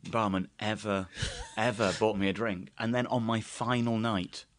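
An English man with a lowish voice tells stories in a relaxed, chatty way, often breaking into laughter. The sound is close and dry, with no room echo. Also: normal speed. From England. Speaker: guest comedian. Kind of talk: casual chat.

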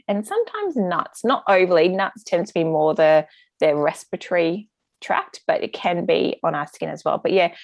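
A woman's voice: fairly low pitch, no echo. A woman, a gut health practitioner explaining things in a chatty interview with lots of fillers. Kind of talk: casual interview answers.

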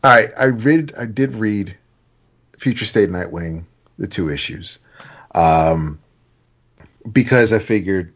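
Speaking slowly in a lowish voice and pausing often, a man co-hosting a podcast talks informally about comic books. He sounds unsure, filler-heavy, and tends to let sentences trail away, all captured in dull, lo-fi audio.

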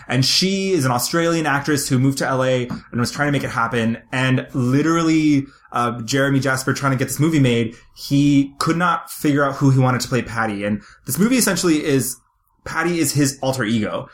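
Male podcast host, mid-pitched, raving casually about films, loose and unfiltered. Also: brisk. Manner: gushing, enthusiastic, swears casually. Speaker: podcast co-host, film reviewer. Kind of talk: casual chat.

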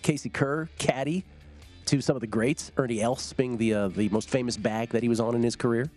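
A man hosting a sports betting radio show in a studio, talking in quick, bantering runs. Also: medium pitch, soft background music. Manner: lively, quick banter with laughs. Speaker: host.

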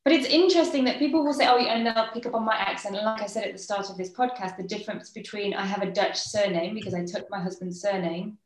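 A woman with an English accent, co-hosting a podcast and talking things through in a reflective, quick way. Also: medium pitch. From England. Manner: reflective, explains in quick bursts. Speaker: podcast co-host. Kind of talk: casual podcast chat. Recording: roomy echo.

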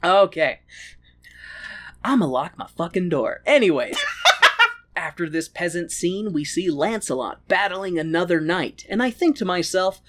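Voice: medium pitch, expressive, a little slow, sharp tone. A podcast host recapping a film in casual chat, crude and sarcastic.

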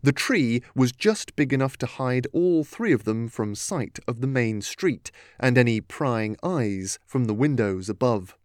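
A man's voice: medium pitch, expressive, a little slow, hardly any pauses, no echo. Man reading a storybook, dry sound. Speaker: narrator. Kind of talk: audiobook narration.

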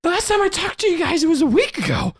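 A man voicing a small, portly, excitable and clingy man who talks in a shrill, frantic rush, close to shouting. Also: quick pace.

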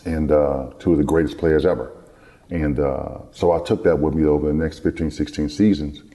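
Middle-aged man, very low and mellow voice, relaxed anecdotal interview guest. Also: normal speed. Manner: relaxed, rambling storyteller who acts out quoted dialogue. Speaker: guest, former basketball player. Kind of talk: storytelling in an interview.

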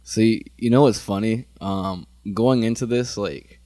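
A young man in his twenties, a student co-hosting a podcast in casual chat, exhausted and low on energy, slangy and full of fillers. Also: unhurried, mellow, no echo.

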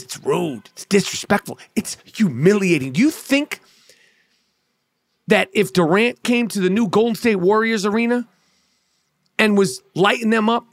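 A man's voice: high voice, dry recording, clean studio sound. A male comedian delivering a heated, profane sports rant, blunt and sarcastic, stumbling over repeated words.

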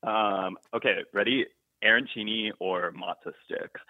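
Chill guy calling in, low voice, phone-line sound, bouncy delivery. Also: a little slow, dry recording. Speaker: caller. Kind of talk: phone call-in chat.

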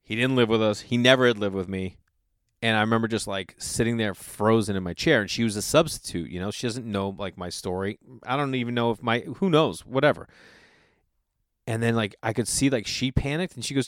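A man's voice: fairly low pitch, quick pace, clear, resonant tone, no room sound, clean studio sound. A man in his thirties, a comedian hosting his own podcast, telling loose, profane stories and acting out the people he quotes. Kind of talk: casual storytelling monologue.

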